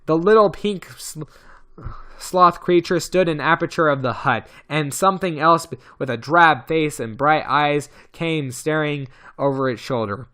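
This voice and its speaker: A man narrating a novel in an amateur audiobook reading. His voice sits somewhat high and sounds bright and tense. He often trips over a word and starts it again. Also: unhurried. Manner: stumbles and restarts words. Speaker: audiobook reader.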